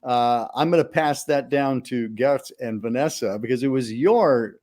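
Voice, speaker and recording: A man's voice: mid-range voice, a little slow. A man hosting a horror film podcast, opening with a theatrical scripted intro and then chatting casually with his guests. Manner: lively, theatrical delivery. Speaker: podcast host.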